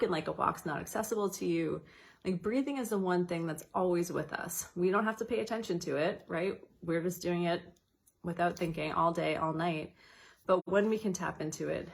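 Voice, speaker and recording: Chatty woman with a gravelly low voice. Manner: chatty, laughs lightly, guides slow counted breathing. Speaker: educator. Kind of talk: casual wellness talk.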